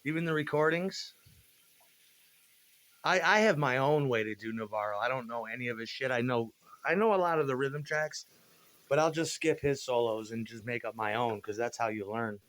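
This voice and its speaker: A man in his forties talks in a loose, meandering monologue. His delivery is laid-back and full of swearing, and his voice sits at an ordinary middle pitch. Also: normal speed, a bit bright. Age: 40s. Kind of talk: casual rambling monologue.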